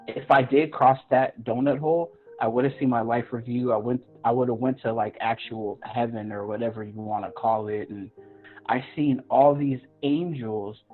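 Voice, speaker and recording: Man telling a story over a tinny line. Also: mid-range voice. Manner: earnest, acts out his own past reactions in a raised voice. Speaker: podcast guest. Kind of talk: personal storytelling in an interview. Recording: tinny phone-line audio with faint music.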